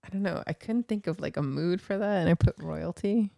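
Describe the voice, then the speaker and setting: Giggly gravelly-voiced woman podcaster. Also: on the low side, fairly quick, warm tone, no room sound, clean studio sound. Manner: giggly, laughs often between words. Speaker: podcast co-host. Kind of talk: casual chat.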